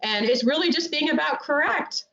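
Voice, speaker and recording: Earnest woman guest chatting on a podcast, kinda high voice, dull lo-fi sound. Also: lively intonation, moderate pace, vocal fry, sharp tone. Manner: earnest, chatty, many restarts. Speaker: interview guest, amateur dressage rider. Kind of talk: casual podcast interview. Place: North Carolina resident.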